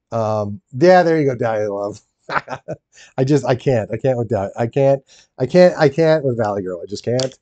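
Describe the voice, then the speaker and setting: A man's voice: fairly high pitch, darkish tone, dry recording, dull audio. A man streaming live while building a Lego set, chatting casually and rambling, laughing often and answering his chat.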